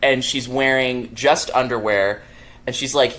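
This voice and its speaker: A man's voice: medium pitch, fairly even intonation, a little slow, a bit bright. A young man, a podcast producer, telling stories casually and acting out the quotes as he goes, laughing often. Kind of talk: casual storytelling.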